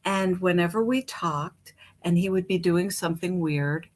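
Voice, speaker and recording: A middle-aged woman telling her own recovery story from home, candid and animated, acting out what was said. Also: fairly low pitch, unhurried. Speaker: guest speaker.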